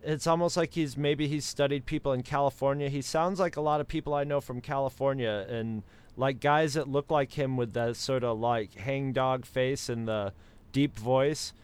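A man's voice: medium pitch, fairly even intonation, normal speed, clean tone. An American man co-hosting a casual chat, rambling with many restarts as he talks. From United States. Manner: rambling, with many restarts and impressions of other accents.

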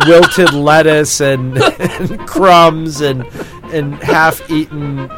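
A man's voice: fairly high pitch, fairly even intonation, drawn-out words, over loud music. A man casually telling a drunken story on a podcast, swearing often, laughing and acting out what people said.

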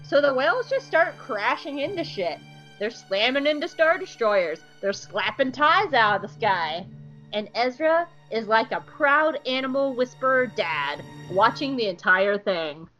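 A woman co-hosting a podcast, recapping an episode in an animated, profane, joking way. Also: a little high, measured pace, muffled recording, soft background music. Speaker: podcast co-host.

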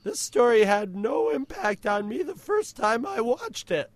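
A man voicing an excitable young male fan in a high, strained comic voice. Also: measured pace, no room sound, heavily acted. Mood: excited.

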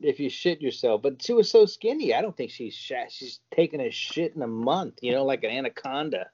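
A male podcast co-host telling crude stories in a lively, animated way. His voice is mellow and dark, with a slightly raised pitch that swings widely. The recording sounds dull and lo-fi. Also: brisk. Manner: lively storytelling, crude jokes. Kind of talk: casual comedic chat.

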